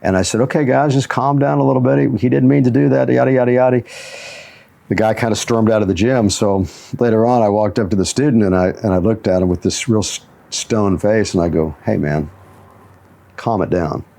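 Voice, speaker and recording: Fairly low and mellow with vocal fry, his voice moves fairly quickly with fairly even intonation. The motivational show host and jiu-jitsu instructor keeps chuckling as he tells his stories.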